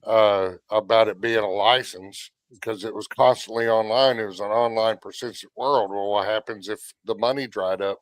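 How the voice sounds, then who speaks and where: A man on a gaming podcast calmly laying out his theory in casual talk. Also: lowish voice, moderate pace, few pauses, no room sound.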